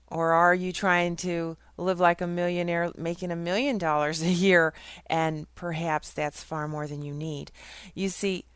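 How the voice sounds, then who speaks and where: A middle-aged woman talks through a casual faith monologue in a smooth, resonant, slightly low voice. She is frank and chatty and laughs often. The sound is dry and close. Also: fairly bright tone, dry recording. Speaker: host of a faith and current events talk. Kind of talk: casual Christian commentary monologue.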